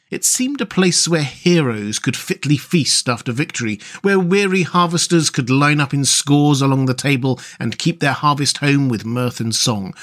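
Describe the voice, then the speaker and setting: A man hosting a story podcast and narrating a classic children's novel in a measured, gentle read-aloud manner. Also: fairly high pitch. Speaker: host and storyteller.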